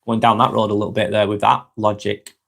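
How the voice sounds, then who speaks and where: A man's voice: on the low side, little pitch movement, a little fast, vocal fry, fairly bright tone. A young man hosting a casual live stream, reading viewers' comments aloud and answering them frankly and chattily.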